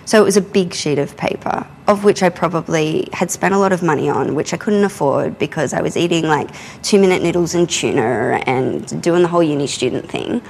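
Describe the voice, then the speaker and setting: A young adult woman, telling a candid personal story in a casual, animated way while she works in her art studio. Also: deep voice, fairly quick, creaky, hardly any pauses, slight background noise, poor audio. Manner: animated, candid, often swears and laughs. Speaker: artist and podcast host. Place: art studio, drawing and climbing ladders while talking.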